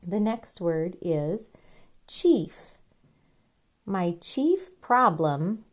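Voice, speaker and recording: Woman reading out spelling words real slow, breaks every word into syllables, lowish voice. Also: animated, darkish tone. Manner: deliberate, sounds out each syllable. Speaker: spelling teacher. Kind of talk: slow spelling dictation lesson.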